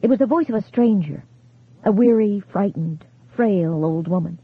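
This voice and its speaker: An audiobook narrator reading a horror novel in a measured, storytelling manner. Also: medium pitch, breathy edge. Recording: tinny phone-like sound.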